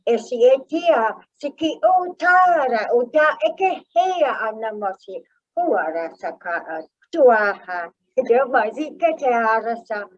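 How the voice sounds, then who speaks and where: A woman's voice: a little high, expressive, a little slow. A woman speaking light language in flowing, sing-song syllables over muffled video-call audio.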